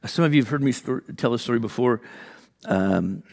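A male pastor delivering a sermon, his voice sitting at an ordinary middle pitch. He talks loosely and animatedly, slipping into fillers and restarts as he acts out the people in his story. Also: a little fast, creaky, a little mellow. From California.

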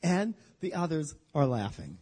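Male preacher, husky, animated and humorous, tells scripture as a vivid story. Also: on the high side, unhurried. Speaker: Bible teacher. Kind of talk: storytelling sermon.

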